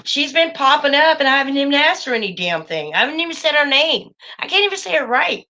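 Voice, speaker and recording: A woman's voice: high-pitched, very animated, quick pace, background noise. A woman hosting a casual livestream, talking emphatically and a bit preachily to her viewers, calling them y'all. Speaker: channel host.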